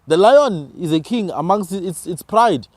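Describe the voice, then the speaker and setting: Man, slightly high voice, animated and preachy, podcast talker. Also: measured pace, no room sound. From South Africa. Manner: emphatic, preachy, rhetorical questions. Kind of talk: passionate conversational argument.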